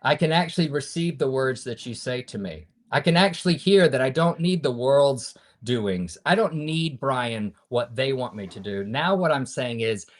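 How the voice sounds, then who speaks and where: A man in his fifties, a podcast guest, telling a personal story in an earnest, preacher-like way that swings between loud and hushed. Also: medium pitch, animated, moderate pace, hardly any pauses. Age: 50s.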